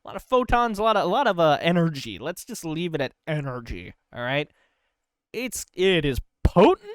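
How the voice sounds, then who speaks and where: A man's voice: fairly high pitch, big pitch swings, moderate pace, clear, resonant tone, no room sound, clean studio sound. A man hosting a comedy podcast, rambling through a goofy monologue with loose filler asides and laughter breaking into his lines. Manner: breaks into laughter mid-line.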